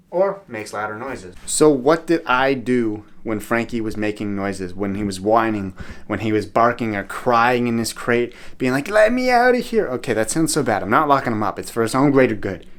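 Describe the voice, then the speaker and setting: A man's voice: lowish voice, fairly bright tone. Upbeat chatty man vlogging at home. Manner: upbeat, chatty, earnest advice. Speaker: dog owner vlogger. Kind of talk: casual vlog talk to camera. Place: room at home.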